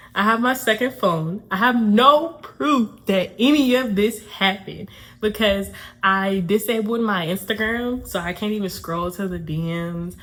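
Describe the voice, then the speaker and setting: A young woman from Atlanta hosts a laid-back storytime video. She talks in an easygoing, chatty way at a middle pitch. Nervous little laughs keep slipping between her sentences. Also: a bit bright. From Atlanta, USA. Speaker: YouTuber. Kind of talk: casual storytime vlog.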